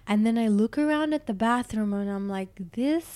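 A woman's voice: mid-range voice, fairly quick, mellow, clear, resonant tone. A young adult woman casually telling a personal story on a talk show, acting out quotes with lots of fillers. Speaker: podcast co-host telling a story. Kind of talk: casual chat.

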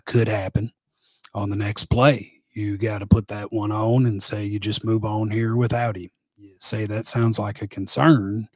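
A man doing an impression of an older male football team owner who talks slowly and evasively, with halting pauses. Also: fairly low pitch, a little mellow, slightly rough, dry recording, pitched below the performer's own voice. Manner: slow, halting delivery with many uh pauses.

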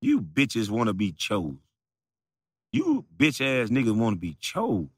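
Taunting man with a lively, swooping voice. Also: lowish voice, moderate pace, dry recording, clean studio sound. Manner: mocking, profane, breaks into laughter, repeats taunts. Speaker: video creator. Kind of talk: taunting rant addressed to a rival.

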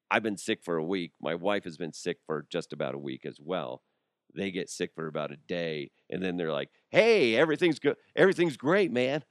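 Hosting his casual solo podcast, this thirtysomething man from Colorado jokes, rambles and keeps restarting, sounding worn from being sick. His low-pitched voice comes through clean, studio-quality audio with no room sound.

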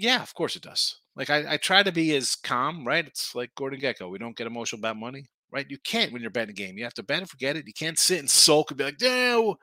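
A man's voice: on the high side, bright, forceful tone, dry recording. A man hosting a sports betting show, rambling in casual talk and often repeating himself.

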